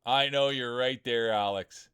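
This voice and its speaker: A man's voice: mid-range voice, measured pace, bright, forceful tone, smooth, no echo, studio quality. A man streaming live, doing playful, joking play-by-play commentary on marble races and chatting with viewers.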